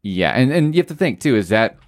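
A man co-hosting a podcast in casual chat, with quick reactions and joking asides. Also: medium pitch, big pitch swings, no room sound, clean studio sound. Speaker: podcast co-host.

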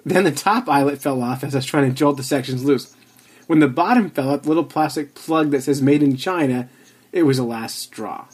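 A man's voice: medium pitch, fairly quick, slightly rough. A man hosting a podcast, chatting casually and reading a review aloud with teasing, dry asides. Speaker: podcast host.

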